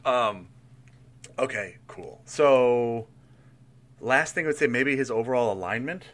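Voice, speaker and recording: A man's voice: mid-range voice, a little slow, a bit bright. A man in casual chat, building a tabletop role-playing character and thinking aloud, rambling with restarts and laughs.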